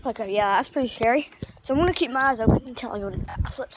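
A woman's voice: fairly high pitch, very fast, heavy background noise. A woman chatting casually for a vlog outdoors on a trampoline, rambling with lots of fillers. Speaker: vlogger.

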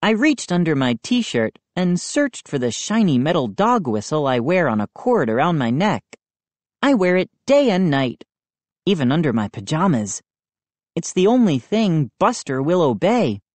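A woman narrating a children's book aloud in an expressive storytelling manner. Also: deep voice, moderate pace, no echo. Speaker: audiobook narrator. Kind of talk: children's book read-aloud with character voices.

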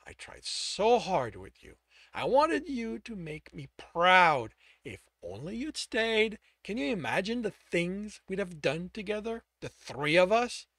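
A man reading aloud and voicing a cold, disappointed alien father who speaks slowly and reproachfully. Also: sits high, sing-song, fairly bright tone, dry recording, pitched above the performer's own voice, exaggerated voice. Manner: slow, reproachful.

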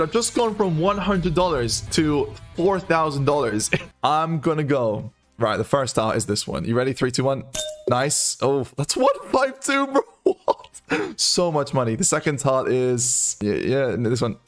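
A young man giving live, excitable commentary on online casino bets, counting numbers aloud and exclaiming at every win. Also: mid-range voice, a little slow, faint music behind.

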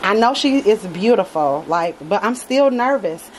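A woman's voice: medium pitch, animated, measured pace, a little hiss or hum, rough recording. Gushing woman unboxing a doll at home. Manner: gushing, affectionate, addresses viewers as y'all. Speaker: reborn doll collector vlogger. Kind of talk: casual unboxing chat. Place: dim home nursery.

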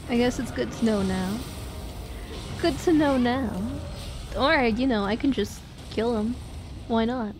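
Woman game streamer, slightly high voice, slow rambling chatter, laughs a lot. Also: noisy background. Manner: giggly, rambling storytelling with frequent laughs. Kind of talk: casual gameplay chat.

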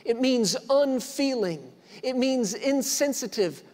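A man in his thirties preaches with a notably high voice, hammering home repeated lines and rising from hushed to loud. The sound rings with the long reverb of a big hall. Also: lively intonation, takes it slowly. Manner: emphatic repetition, swings from quiet to loud. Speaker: pastor. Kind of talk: sermon. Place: church hall.

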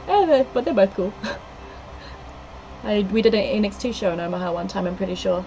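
A woman, chatting excitedly with her viewers on a live stream and reading the chat out loud. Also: medium pitch, moderate pace, slight background noise, rough recording.

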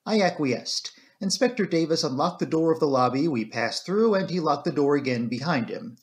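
A man's voice: on the high side, lively intonation, moderate pace, few pauses. Man narrating a mystery audiobook. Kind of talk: first-person storybook narration.

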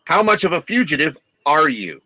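Bright-voiced man weighing tactics. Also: on the high side, very animated, husky, no room sound, poor audio. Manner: lays out plans in long deliberate questions. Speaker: player. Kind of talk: casual tabletop game chat.

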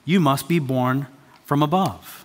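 A man's voice: a little high, a little slow. Emphatic preaching man in a reverberant hall. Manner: emphatic preaching, repeats key phrases. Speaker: pastor. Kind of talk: sermon. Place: church sanctuary.

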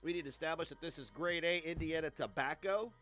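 A man in his forties streaming live, ranting in a crude, mocking, loud way. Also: a little high, fast talker, soft background music. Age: 40s.

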